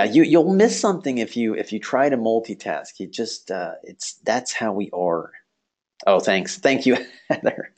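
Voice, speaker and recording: A man with a nasal voice, teaching a live online class in a casual, rambling way with lots of fillers. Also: mid-range voice. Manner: casual, rambling, friendly, frequent fillers and laughs. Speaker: online course instructor. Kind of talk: live virtual class session.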